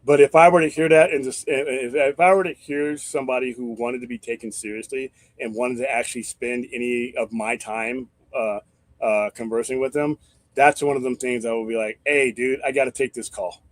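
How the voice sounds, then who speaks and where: A man hosts a casual live-stream chat, wandering from thought to thought with restarts and loose swearing. His voice sits at an ordinary middle pitch. The sound is dry and close, with no room behind it. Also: fairly even intonation, moderate pace, no room sound. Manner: rambling, profane, thinks aloud with restarts. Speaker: host.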